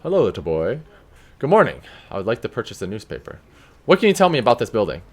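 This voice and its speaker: A man's voice: lowish voice, huge pitch swings, fast talker. A man voicing a formal, polite Victorian doctor character as he reads game dialogue aloud.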